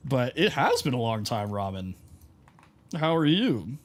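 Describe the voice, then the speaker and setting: A man chatting casually on a live game stream, with a middling voice that is neither high nor low. He rambles through stories, stuffs them with "like", and breaks off to greet viewers in chat. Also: sing-song, a little slow. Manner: rambling storytelling full of "like" and asides to chat.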